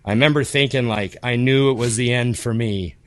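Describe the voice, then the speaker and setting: Podcast co-host, man, mid-pitched, profane and animated storyteller, dry close sound. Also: a little fast, dry recording. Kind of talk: casual storytelling chat.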